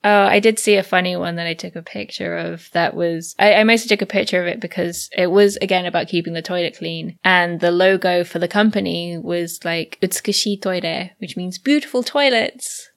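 A woman's voice: on the low side, normal speed, creaky, hardly any pauses. A woman co-hosting a podcast, chatty and adding her own corrections and asides. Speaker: podcast co-host. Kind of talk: casual chat.

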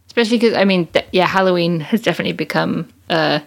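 A woman with a slightly low voice co-hosts a podcast in easygoing conversation. She talks loosely and informally and laughs often. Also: quick pace, creaky. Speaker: podcast co-host. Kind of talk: casual chat.

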